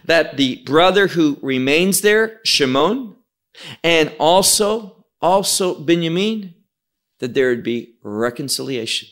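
A man's voice: a little high, lively intonation, slow pace, a bit bright. A man teaching the Bible verse by verse, explaining Hebrew terms and asking and answering his own questions.

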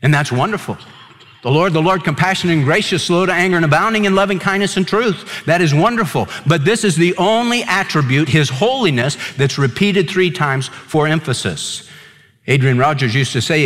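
A pastor preaching in an emphatic way, leaning on repeated words to drive his point home. His voice sits a little high for a man. The sound has a long reverb, as if it was recorded in a large hall. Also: lively intonation, normal speed, a bit bright. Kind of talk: sermon.

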